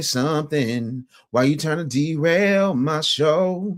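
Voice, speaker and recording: A man's voice: fairly high pitch, slow pace, hardly any pauses. An American man hosting a morning news livestream, talking bluntly and sarcastically while reading the chat. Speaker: morning news show host.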